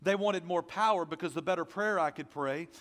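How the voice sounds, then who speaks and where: A man preaching a sermon as pastor, energetic and conversational, with self-deprecating asides, and without a deep voice. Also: fairly quick, long reverb tail. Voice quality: not a deep voice.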